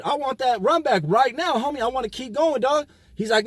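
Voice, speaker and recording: A man with a high, husky voice tells a personal story in loose street slang. He swears freely and acts out every exchange. The room is dry and close. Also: a little fast, few pauses, no room sound. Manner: animated, profane street slang, acts out quotes. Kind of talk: casual storytelling.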